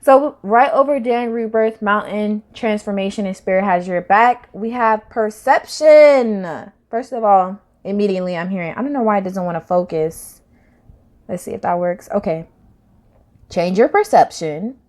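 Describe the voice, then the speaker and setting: A woman's voice: medium pitch, lively intonation, moderate pace. Slangy woman giving a tarot reading. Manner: slangy, rambling, swings loud and soft. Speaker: tarot reader. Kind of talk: casual spiritual reading to camera.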